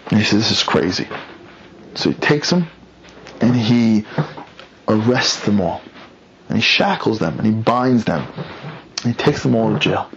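A man teaching through an animated, conversational retelling of a story, with dramatic asides. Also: medium pitch, creaky, highs cut off, a little hiss or hum.

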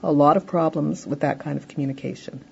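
Husky-voiced woman teaching parents. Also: deep voice, fairly even intonation, fast, a little mellow, muffled recording. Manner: explains patiently, acts out example dialogues. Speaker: parenting educator. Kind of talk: instructional talk.

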